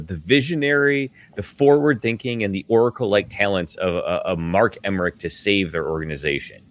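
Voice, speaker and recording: A man co-hosting a sports podcast over a remote call, talking in a laid-back, halting, joking way. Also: lowish voice, no room sound. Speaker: podcast co-host. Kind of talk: casual sports chat. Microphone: remote call mic.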